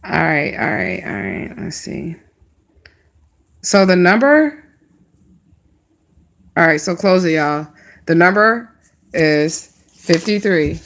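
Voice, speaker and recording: A woman's voice: deep voice, big pitch swings, slow pace, creaky, pauses often, slight background noise. A woman giving casual tarot readings on a live stream, speaking straight to her viewers in a chatty, slangy way. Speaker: livestream tarot card reader.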